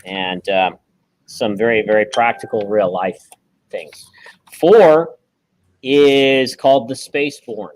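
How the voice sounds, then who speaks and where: A man co-hosting a casual online chat, explaining in a relaxed, halting way with many fillers. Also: mid-range voice, low-quality recording. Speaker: co-host.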